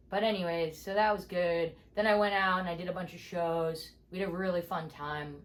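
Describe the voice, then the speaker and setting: A woman comedian telling a story in a podcast chat, animated, acting out each exchange as she goes. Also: fairly low pitch, a little fast, hardly any pauses, slight background noise. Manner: animated, acts out every exchange with "I'm like".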